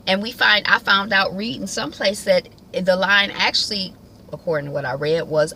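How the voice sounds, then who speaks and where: Bright-voiced woman recapping a TV episode. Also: medium pitch, brisk, a little hiss or hum, rough recording. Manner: chatty, colloquial, acts out characters' lines. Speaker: TV recap vlogger.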